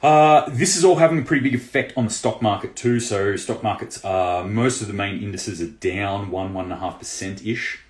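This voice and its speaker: Deep-voiced man talking news. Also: normal speed, few pauses. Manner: loose and conversational, many fillers and restarts. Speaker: prepping channel host. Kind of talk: casual news commentary. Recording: roomy echo.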